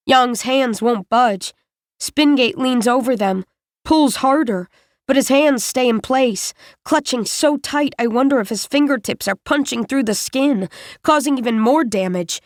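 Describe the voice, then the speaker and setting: A woman reading a first-person novel aloud as an audiobook narrator, in a measured, deliberate way. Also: fairly high pitch, no echo, clean studio sound.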